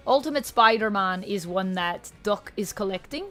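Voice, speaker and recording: Woman streamer, casual chatty host reading chat, soft music behind. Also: mid-range voice, expressive, normal speed, few pauses. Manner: chatty, reads and answers chat aloud. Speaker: livestream host. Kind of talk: casual just-chatting livestream.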